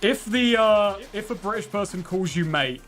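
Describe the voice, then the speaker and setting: A man's voice: high voice, expressive, moderate pace, a bit bright, faint music behind. A man chatting casually while playing a video game, rambling and self-deprecating, often laughing at his own stories. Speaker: let's play co-host. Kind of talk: casual chat over gameplay.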